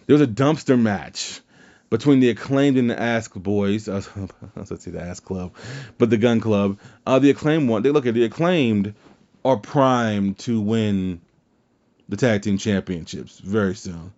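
A man's voice: fairly low pitch, lively intonation, normal speed, darkish tone. A man hosting a wrestling podcast in casual chat, rambling and swearing freely. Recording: dull lo-fi sound.

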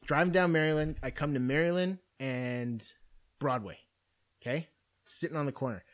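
A man's voice: a little high, normal speed. A young man hosting a podcast, ranting in casual, profane storytelling about everyday annoyances. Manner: profane, animated storytelling rant. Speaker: podcast host.

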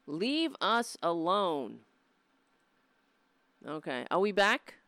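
A woman's voice: lowish voice, extremely slow, no room sound. Exasperated profane woman streamer. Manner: profane, exasperated, mocking, animated. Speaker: political commentary host. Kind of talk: live-streamed political commentary.

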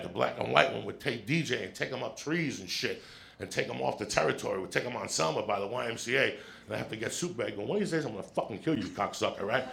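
A middle-aged man doing stand-up, telling a long story in a profane, animated way and checking in with the crowd with quick "right?" asides. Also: mid-range voice, slight background noise. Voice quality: gravelly. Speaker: stand-up comedian. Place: comedy stage with audience.

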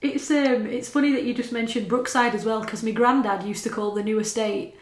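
A woman's voice: on the high side, steady tone, a little fast, roomy sound. Chatty woman in her thirties. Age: 30s. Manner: chatty, swears, laughs often. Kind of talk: casual chat.

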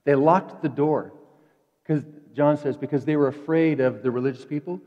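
A man preaching a sermon in a conversational way, dropping to quiet asides and rising to emphatic peaks. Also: a little high, moderate pace. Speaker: pastor. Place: church sanctuary. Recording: dull echoey church hall.

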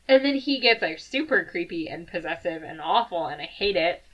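A woman co-hosting a podcast, retelling a book plot in casual chat, animated and full of laughter and filler words. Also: lowish voice, fairly quick, few pauses, lo-fi sound. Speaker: podcast co-host.

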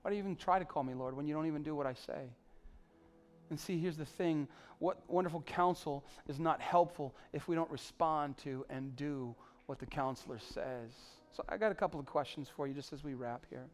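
Male pastor, sermon, pleading and emphatic, voice a touch high. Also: fairly quick. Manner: pleading, rising to emphatic peaks then dropping soft.

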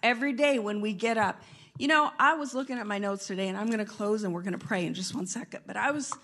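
A middle-aged woman preaching a sermon, telling stories with lively bursts of laughter. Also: mid-range voice, fast talker. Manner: animated storytelling with bursts of laughter.

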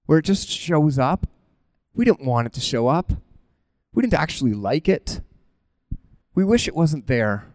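A man preaching a conversational sermon in an animated, informal way, often breaking off mid-thought and laughing at himself. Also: on the high side, no room sound.

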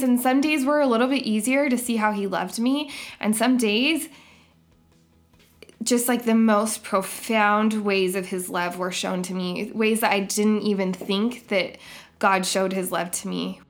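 A woman hosts a devotional podcast with an earnest, reflective manner. Her voice sits at a middle pitch, and she reads scripture aloud in a measured way. She lets a soft laugh slip in as she talks. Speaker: podcast host.

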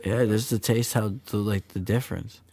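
Slangy joker guy on a podcast, lowish voice, swears a lot. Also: steady tone, normal speed, creaky, dark tone, slightly rough. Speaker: podcast co-host. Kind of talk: casual chat.

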